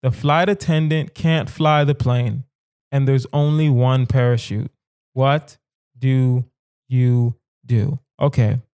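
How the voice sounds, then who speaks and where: A man's voice: medium pitch, fairly even intonation, slow, a little mellow, clear, resonant tone, dry recording, studio quality. A young man hosting a comedy podcast alone, riffing on hypothetical dilemmas and talking straight to his listeners with mock-serious asides. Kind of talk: solo comedic monologue.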